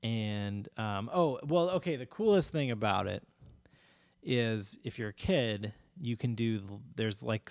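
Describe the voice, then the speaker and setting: A man's voice: medium pitch, dry recording. A man chatting casually as a podcast co-host, telling a story in a rambling way with many fillers and restarts, laughing often.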